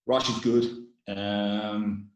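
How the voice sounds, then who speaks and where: Man in his sixties, former footballer, very deep voice, relaxed chat, echoey room recording. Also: drawn-out words. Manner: relaxed, chatty, many restarts. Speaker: former footballer, podcast guest. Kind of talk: casual chat.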